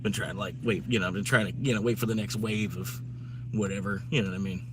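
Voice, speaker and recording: A man's voice: on the low side, fairly even intonation, fast, noisy background. Laid-back man streaming. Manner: rambling, laid-back, chuckles often. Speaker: live streamer. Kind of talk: casual stream chat.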